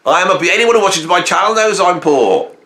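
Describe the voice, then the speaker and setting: Ranting man, bright and echoey. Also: high-pitched, lively intonation, fairly quick. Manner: angry, emphatic ranting with rhetorical "right?". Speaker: YouTuber. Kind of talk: ranting monologue.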